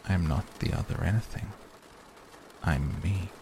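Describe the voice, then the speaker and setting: A man voicing a self-assured male cat in a storybook reading, speaking dryly and with quiet condescension. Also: deep voice, a little hiss or hum. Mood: dry aloof. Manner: dry, unhurried, condescending.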